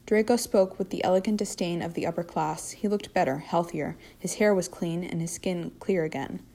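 A woman reads a story aloud in a slightly low, mellow voice. Her narration is steady and even. It suits relaxed listening. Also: moderate pace. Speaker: reader. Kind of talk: fanfiction read-aloud.

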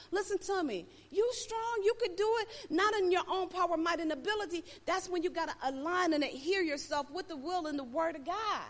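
A woman preacher delivering an emphatic, repetitive sermon, swinging between loud and soft. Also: high-pitched. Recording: long hall reverb.

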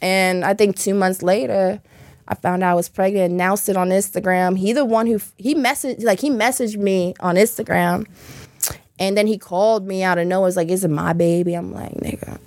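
A woman's voice: mid-range voice, steady tone, moderate pace, darkish tone, dry recording, studio quality. A woman from the US, a podcast guest telling a candid, profane story in casual chat. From Southern United States.

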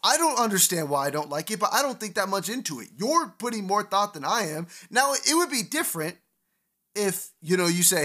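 A young man co-hosting a casual podcast, talking candidly and profanely with animated storytelling. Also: sits high, brisk. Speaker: podcast co-host.

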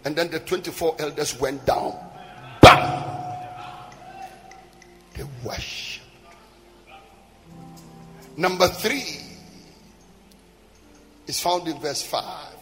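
A man preaching a sermon, shouting and half-singing his lines. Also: sits high, slow pace, pauses often, in a large hall, faint music behind. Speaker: pastor.

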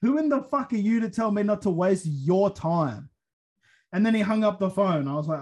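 A man's voice: high voice, lively intonation, normal speed, a little mellow. Young man, profane and self-mocking. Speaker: podcast host. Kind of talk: casual podcast chat.

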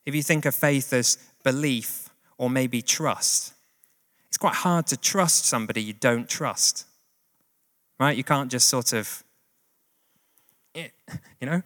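A man's voice: medium pitch, slow, pauses often, a bit bright. Man, conversational sermon, casual asides, church hall echo. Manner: conversational, plain-spoken, with fillers and asides. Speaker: preacher. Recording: long hall reverb.

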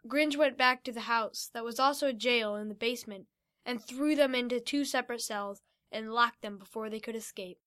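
A woman's voice: a little high, normal speed, a bit bright. A woman reading a fantasy adventure story aloud, giving the characters light voices.

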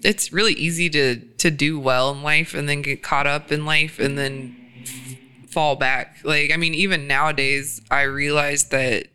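A man's voice: fairly high pitch, steady tone, a little slow, sharp tone, clean tone. A man in casual, reflective podcast conversation, laughing often and using many fillers. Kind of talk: casual chat.

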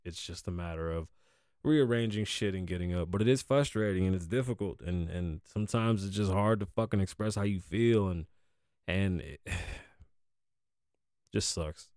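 A man hosting a podcast in casual chat, blunt and profane, shifting between low, weary venting and loud, hyped bursts. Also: unhurried, clear, resonant tone, dry recording, studio quality. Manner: profane, blunt and frank, slangy. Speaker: podcast host.

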